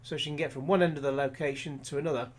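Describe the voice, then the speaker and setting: A man's voice: fairly high pitch, steady tone, racing. A man reading a scripted film review voice-over, with dry, sarcastic humour.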